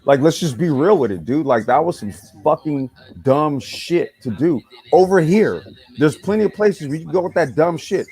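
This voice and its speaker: A man's voice: a little high, animated, normal speed, darkish tone. A man hosting a casual podcast chat, ranting with exasperation and a lot of profanity. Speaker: podcast host.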